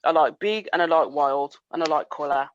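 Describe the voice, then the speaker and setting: A woman's voice: low voice, a little fast, slight background noise. A woman co-hosting a podcast, talking emphatically and repeating her points in casual chat. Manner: emphatic, talks over others, repeats points. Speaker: podcast co-host. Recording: dull lo-fi sound.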